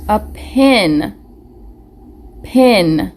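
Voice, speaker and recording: A woman's voice: medium pitch, animated, very slow, darkish tone. A young woman teaching a live online phonics lesson to small children, asking questions, answering them herself and sounding out letters with care. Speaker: preschool teacher. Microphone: webcam or phone camera.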